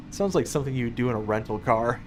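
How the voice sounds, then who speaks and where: Over a noisy background, a man speaks at medium pitch as he streams a farming game. He keeps things lively, laughing often and responding to whatever his chat sends in.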